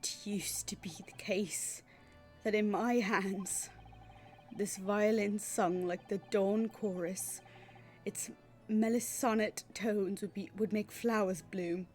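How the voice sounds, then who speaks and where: A woman voicing a gloomy, theatrical gentleman detective in a put-on British accent, with a slow, mournful, melodramatic delivery. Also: medium pitch, fairly even intonation, soft background music, natural voice. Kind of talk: reading game dialogue aloud.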